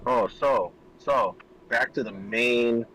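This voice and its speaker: A man's voice: mid-range voice, takes it slowly, fairly bright tone, breathy edge, low-quality recording. A man in his thirties, a streamer chatting casually over gameplay and telling a rambling story with frequent laughs.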